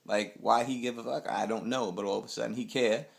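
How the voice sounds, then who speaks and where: A man's voice: on the low side, steady tone, fairly quick, vocal fry. A young man from Queens, giving a casual, rambling TV episode recap full of blunt street slang. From Queens, New York. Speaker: TV recap host.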